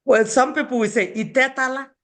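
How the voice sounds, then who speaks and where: A woman's voice: fairly low pitch, lively intonation, unhurried, fairly bright tone. A woman from Owerri, teaching an online language class over a video call and patiently repeating words as she switches between languages. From Owerri, Nigeria. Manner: explains patiently, repeating Igbo words and mixing them into English.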